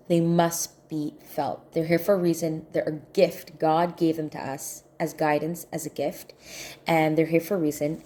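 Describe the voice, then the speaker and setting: A woman speaks to her viewers in a relaxed, personal way, with a somewhat low voice and a warm, mellow tone. She is earnest and circles back to repeat the points she wants to stress. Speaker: spiritual healing coach. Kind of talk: casual personal reflection to camera.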